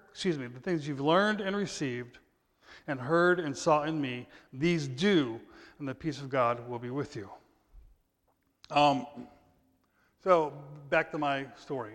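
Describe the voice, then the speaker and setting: A man preaching a sermon in a conversational way, reading scripture loudly and emphatically, then dropping to quiet asides. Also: a little high, moderate pace. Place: church sanctuary. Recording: long church reverb.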